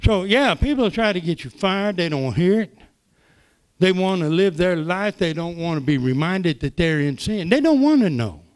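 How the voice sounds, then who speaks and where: An older man preaching, telling folksy stories that swing from soft asides to loud exclamations. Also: high-pitched. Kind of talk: sermon testimony.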